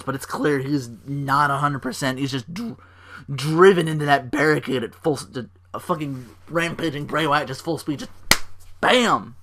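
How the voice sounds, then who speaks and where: A man hosting a casual podcast, recapping wrestling shows and acting out the wrestlers' lines in raised, louder voices. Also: mid-range voice. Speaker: podcast host.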